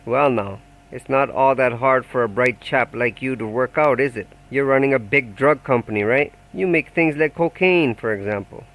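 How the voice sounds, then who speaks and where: Swinton is a menacing gangland enforcer, voiced by a male audiobook reader, who makes his threats sound friendly and taunting. The voice sits in a middling pitch, and the lines are pitched a little higher and pushed harder than the narration. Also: normal speed, fairly bright tone, close to an everyday voice, poor audio. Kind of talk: audiobook character voice.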